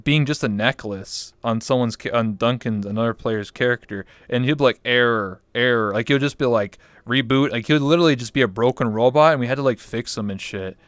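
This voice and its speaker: Smooth-voiced man telling rambling stories. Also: medium pitch, fast talker, few pauses, no room sound. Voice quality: smooth, clear voice. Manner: rambling storyteller, lots of fillers and swearing. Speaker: guest. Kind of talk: casual interview chat.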